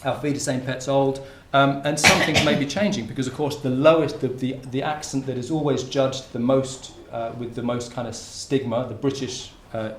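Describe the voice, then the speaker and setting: A man's voice: medium pitch, steady tone, normal speed, few pauses, noisy background. A man giving a conference talk in a lecture room, in an informal, conversational way. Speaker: academic speaker. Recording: roomy lecture hall with faint ambience.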